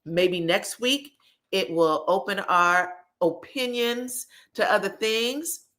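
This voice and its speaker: A woman's voice: mid-range voice, slow, fairly bright tone. A woman hosting a podcast, recapping a reality show in blunt, sassy casual commentary. She swears freely and acts out the quoted lines dramatically.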